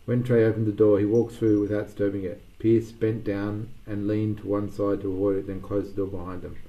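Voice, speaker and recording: A man's voice: fairly low pitch, little pitch movement, fairly quick, warm tone, low-quality recording. A man narrating a story aloud, reading with occasional restarts and small slips.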